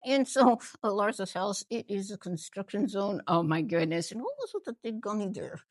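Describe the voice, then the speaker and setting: A woman hosting a casual reality-TV gossip recap, chatty and animated, often trailing off and restarting her thoughts. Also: medium pitch, moderate pace, no echo. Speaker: ventriloquist host.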